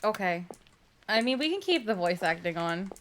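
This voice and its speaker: A woman's voice: medium pitch, very animated, moderate pace, a little hiss or hum. A woman guest streamer bantering playfully and laughing as she plays a game. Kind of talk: casual game-stream chat.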